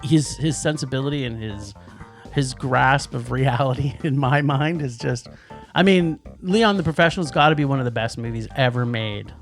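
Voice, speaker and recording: A man's voice: mid-range voice, normal speed, faint music behind. A man co-hosting a movie podcast in casual chat, rambling with restarts and laughs. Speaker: podcast co-host.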